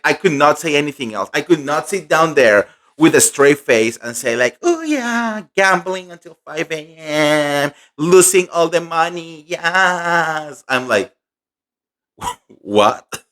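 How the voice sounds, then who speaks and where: A young man recapping a fan convention in casual, gossipy chat, animated and full of fillers. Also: medium pitch. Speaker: pop culture vlogger.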